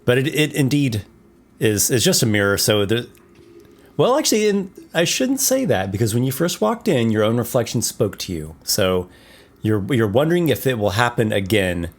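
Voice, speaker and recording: A man acting as game master, describing a dungeon room in a relaxed, descriptive way with frequent small restarts. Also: mid-range voice, normal speed. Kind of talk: narrating a tabletop game.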